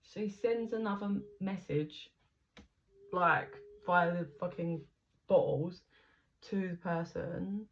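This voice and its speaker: A woman gives a casual tarot reading, chatty and rambling, swearing offhandedly as she describes what she sees. Her voice is fairly low and she speaks slowly. The lo-fi recording sounds dull, with faint background noise.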